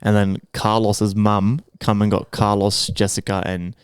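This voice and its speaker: Brief: Australian man, podcast co-host, clear smooth voice, swears freely while spinning a rambling yarn, close and dry sound. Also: on the low side, little pitch movement, unhurried, no echo. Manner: profane, rambling anecdote full of acted-out quotes. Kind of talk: casual storytelling chat.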